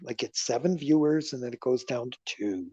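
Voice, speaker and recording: A man hosting a casual livestream, rambling through stories with animated swings between loud remarks and murmured asides. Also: medium pitch, normal speed, husky, no room sound. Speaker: livestream host. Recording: dull lo-fi livestream audio.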